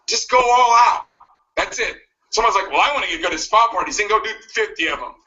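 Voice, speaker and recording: A man's voice: high voice, fast talker, bright, forceful tone. A man giving a pushy motivational speech, cracking jabs and laughing at his own lines. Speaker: motivational speaker. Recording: muffled video played back from a distance.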